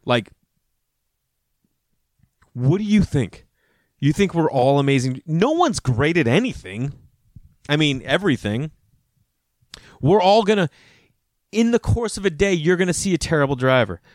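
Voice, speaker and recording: A man's voice: a little high, sing-song, measured pace, pauses often, darkish tone, no room sound, clean studio sound. A man in his thirties telling rambling, profane stories in a casual monologue, acting out both sides of each conversation.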